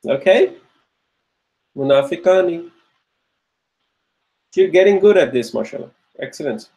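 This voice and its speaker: A man teaching Arabic grammar online, his voice sitting a little high. He talks patiently, says each answer twice and checks in with "okay?" after most points. He praises students when they get it right. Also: expressive, brisk, mellow, rough recording.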